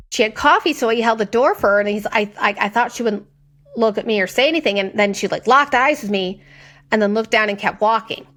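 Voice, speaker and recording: A young woman co-hosting a podcast, telling a story in casual chat, animated and profane, acting out other people's lines. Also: mid-range voice. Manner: animated, swearing, acts out quoted voices. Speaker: podcast co-host.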